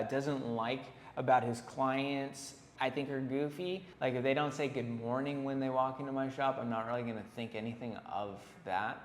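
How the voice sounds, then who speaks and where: A man who is a tattoo artist, hosting a casual reaction commentary in a blunt, rambling and profane manner. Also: medium pitch. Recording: roomy echo with long reverb, faint hiss.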